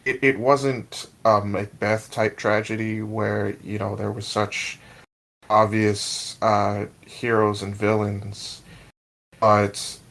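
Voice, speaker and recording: Podcast co-host, male, flat low delivery with gravel. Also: poor audio. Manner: slow and measured, swears casually. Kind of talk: casual podcast review chat.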